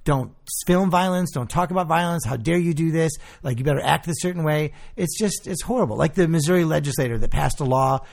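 A man co-hosting a podcast in casual chat, animated and quick, often laughing. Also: a little high, vocal fry. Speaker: podcast co-host.

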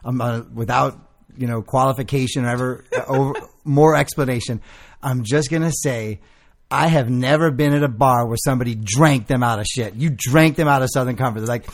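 Jokey cohost guy with a gravelly voice, teasing, butting in. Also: mid-range voice, fairly quick. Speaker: podcast co-host. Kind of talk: casual podcast chat.

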